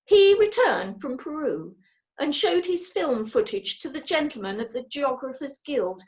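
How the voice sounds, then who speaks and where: A woman's voice: high-pitched, sing-song, voice pushed up. A woman voicing a bitter, vengeful woman villain who snarls with rage in a storybook reading. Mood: seething. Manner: seething, snarling, slow menacing delivery.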